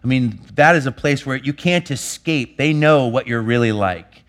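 A man preaching a sermon as a pastor, earnest, swinging between emphatic bursts and hushed lines. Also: mid-range voice, moderate pace.

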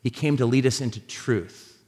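A man preaching a sermon as a pastor, telling animated, jokey stories with many restarts. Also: medium pitch, moderate pace. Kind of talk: sermon with storytelling. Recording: live sermon in a reverberant hall.

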